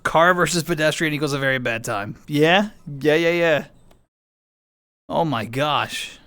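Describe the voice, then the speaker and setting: A man's voice: on the high side, a bit bright. A man streaming from home, chatting casually with viewers in a playful, chatty way. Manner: chatty, bouncy intonation, playful. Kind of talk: casual chat reading viewer messages.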